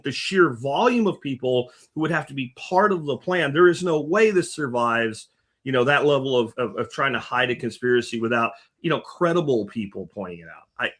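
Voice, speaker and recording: A man co-hosting a casual live talk show, telling stories with animated energy. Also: mid-range voice. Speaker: co-host.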